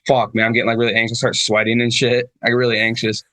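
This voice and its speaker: A man's voice: medium pitch, monotone, rapid-fire, pushed and bright, dry recording. A man in casual chat, telling rambling stories with lots of swearing and fillers. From Michigan, United States. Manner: rambling storyteller, heavy swearing, many fillers. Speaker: podcast guest, band vocalist.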